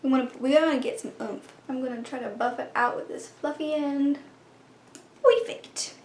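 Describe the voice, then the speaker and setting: A young woman with a high, bright-pitched voice talks her way through a makeup routine, chatty and step by step, now and then dropping into a whispered aside. She is recorded in an echoey room at home, with a faint hum underneath. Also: normal speed. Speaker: beauty vlogger. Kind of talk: casual makeup tutorial chat.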